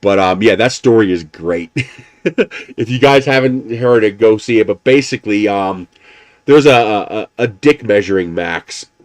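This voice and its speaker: A man's voice: fairly low pitch, lively intonation, unhurried, no room sound. Rambling, casual male streamer. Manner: rambling storyteller, swears casually; chuckles often while talking. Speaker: live streamer. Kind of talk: casual chat.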